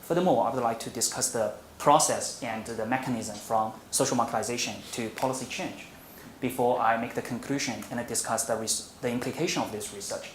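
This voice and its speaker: A man with as his delivers an academic talk at a measured pace, often pausing on "uh" and restarting his sentences. His voice sits in a middle pitch. The room gives it a roomy echo over a faint steady hum. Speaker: visiting academic speaker. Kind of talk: academic presentation. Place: university lecture room.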